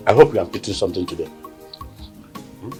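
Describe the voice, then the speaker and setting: An actor with a Nigerian accent playing a tired husband and brother who keeps pleading for calm and repeats himself. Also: male voice, low voice, fast talker. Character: weary peacemaking husband and brother. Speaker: brother trying to settle a family quarrel. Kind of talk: Nollywood family drama acting. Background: background music.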